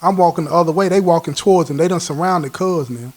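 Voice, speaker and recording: A man's voice: a little high, fast talker. A man hosting his own show, telling a prison story in casual street slang and acting out what others said. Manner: street slang, acts out quoted dialogue.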